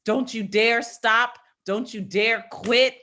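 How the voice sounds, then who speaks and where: A woman's voice: on the high side, steady tone, slow pace, bright, forceful tone. A woman hosting an online open mic over a video call, gushing and emotional as she wraps up.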